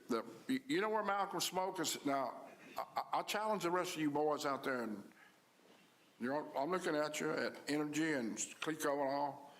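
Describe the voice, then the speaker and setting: A man's voice: on the high side, fairly bright tone, a little hiss or hum. A man addresses a public meeting as a commissioner. He tells stories in a plain, folksy way, often stopping and restarting his sentences. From Louisiana. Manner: storytelling, down-to-earth, halting restarts.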